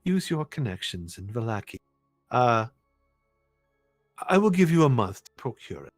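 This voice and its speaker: A man's voice: mid-range voice, dry recording, studio quality, soft background music. A man putting on a serene, pious old abbot. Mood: smooth, bargaining. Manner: calm, pious, measured speech. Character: serene, devout older male abbot.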